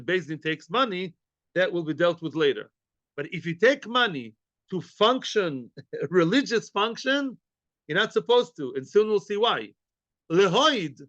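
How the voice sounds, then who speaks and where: A man giving an animated Talmud lesson, acting out little scenes and mixing in Hebrew and Yiddish terms. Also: high-pitched, no room sound. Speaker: Talmud teacher. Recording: dull, muffled dry recording.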